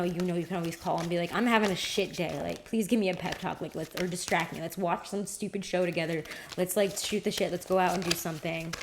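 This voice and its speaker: A woman's voice: mid-range voice, a little hiss or hum. A woman giving a casual livestream tarot reading, chatty and rambling, with casual swearing.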